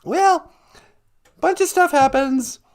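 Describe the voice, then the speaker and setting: A man hosts a livestream and retells a film as a loose, jokey story, correcting himself as he goes. His voice is gravelly and high, with an easygoing, rambling manner. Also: takes it slowly. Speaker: livestream host. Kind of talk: casual comic storytelling.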